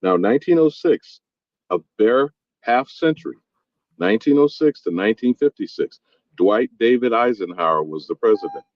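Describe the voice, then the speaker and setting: A man's voice: mid-range voice, animated, moderate pace, no room sound. A man in a casual discussion, asking probing questions. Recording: dull lo-fi audio.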